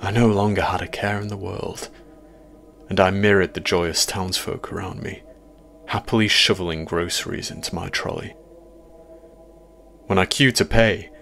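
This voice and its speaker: Deep, gravelly horror narrator. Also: male voice, steady tone, slight background noise. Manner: measured, quietly ominous storytelling. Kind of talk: scripted first-person horror narration.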